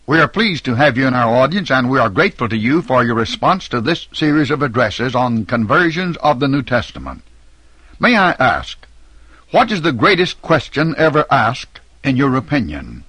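A middle-aged man delivering a scripted sermon address as a radio preacher, in a measured, emphatic, declamatory way. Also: mid-range voice, sing-song, pushed and bright, breathy edge, no room sound.

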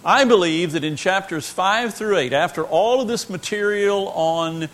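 A man's voice: high-pitched, a little slow, a bit bright. A man teaching a Bible lesson in an earnest, emphatic way, repeating his key phrases.

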